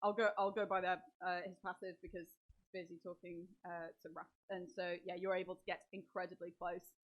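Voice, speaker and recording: A woman's voice: lowish voice, level tone, fairly quick, muffled recording. A woman running a tabletop role-playing game as dungeon master, narrating the scene and questioning players in character.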